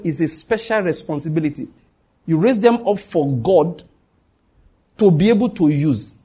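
A man's voice: high-pitched, darkish tone, breathy edge. A man preaching a sermon as pastor, emphatic, repeating key lines and dropping joking asides.

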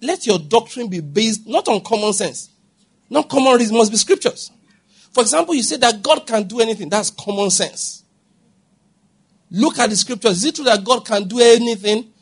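A man preaching a sermon, his voice husky and pitched high for a man. He presses each point hard and keeps checking that his listeners are following him. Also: animated, normal speed. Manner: emphatic, repeats questions to the congregation. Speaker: pastor.

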